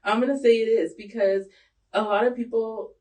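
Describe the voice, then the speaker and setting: A woman's voice: on the high side, steady tone, moderate pace, a little mellow. A woman in her thirties co-hosting a podcast in casual chat, rambling with lots of fillers and frequent laughter. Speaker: podcast co-host. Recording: voices heard from a distance.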